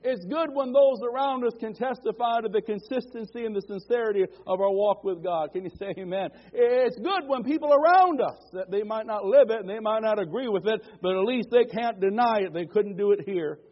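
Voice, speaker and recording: A man's voice: high-pitched, brisk, few pauses. A male pastor preaching a fervent sermon in a church, calling for amens and building to repeated declarations. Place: church sanctuary. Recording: dull lo-fi church recording.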